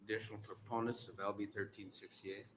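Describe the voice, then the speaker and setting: A man chairs a legislative hearing in a brief, procedural way. His voice is low and flat, and he sounds off-mic, with noise in the room. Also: fast talker. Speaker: committee chairman.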